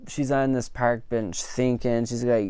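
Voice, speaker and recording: A man talks through a movie in a loose, chatty way, leaning on "like" and "you know" as he goes. His voice is smooth and resonant. It sits close and dry, with no room sound around it. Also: mid-range voice, unhurried, no echo. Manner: animated, laughing at the funny parts. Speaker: movie reviewer. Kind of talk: casual spoken film review.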